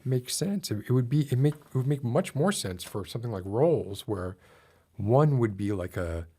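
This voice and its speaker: Speaking at a medium pitch with a dark, breathy edge, this streamer chats animatedly at a normal pace. He launches into mock-outraged rants that rise in pitch as he gets heated, laughing at himself along the way.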